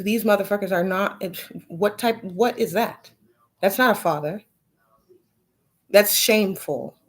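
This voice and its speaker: Woman on a blunt, profane rant. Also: medium pitch. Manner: heated, blunt and profane, with rhetorical questions. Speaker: vlogger. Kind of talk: ranting monologue to camera.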